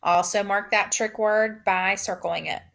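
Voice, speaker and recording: A woman teacher leads a recorded phonics lesson. She dictates at an unhurried, deliberate pace and repeats every word for the class. Her voice sits at an ordinary middle pitch. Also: fairly even intonation, vocal fry, a bit bright. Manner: slow, drawn-out dictation with repeated words.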